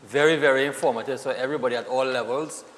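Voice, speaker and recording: A man's voice: medium pitch, fairly even intonation, quick pace, fairly bright tone, in a large hall. A man with a Trinidadian accent, a chef on a morning TV show, promoting cooking courses in an upbeat way. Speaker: chef guest. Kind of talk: casual chat and course promotion.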